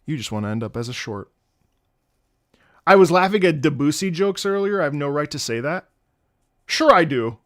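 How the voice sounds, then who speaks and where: This young man's voice sits fairly high, moving at a normal pace with frequent pauses. As a streamer reacting to game music, he animatedly tells stories to chat, laughing a lot and acting out quoted voices, recorded at studio quality with no room sound.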